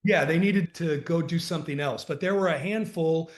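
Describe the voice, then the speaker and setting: Male guest, retired coach; earnest storyteller, slightly high pitch, echoey room. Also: moderate pace. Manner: earnest, animated anecdotes, acts out dialogue. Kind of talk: conversational storytelling.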